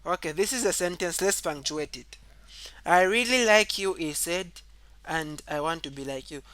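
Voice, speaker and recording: A man's voice: normal speed, dry recording. A man teaching a grammar lesson, explaining step by step, repeating key points and saying "okay" often, and reading example sentences aloud with extra emphasis. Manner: reads example sentences aloud louder and higher.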